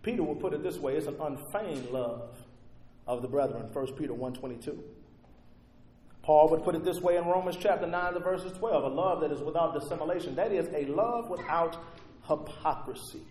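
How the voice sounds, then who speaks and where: A man preaching a sermon to his church, swinging from loud stressed phrases to hushed near-whispers and drawing out key words. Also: a little high, moderate pace, slight background noise. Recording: echoey hall.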